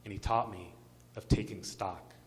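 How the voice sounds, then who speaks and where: Man, storyteller, low voice, faint hum, live stage mic, suspenseful. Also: fairly even intonation, moderate pace. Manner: vivid, building suspense. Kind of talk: live story slam narration. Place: arts center stage.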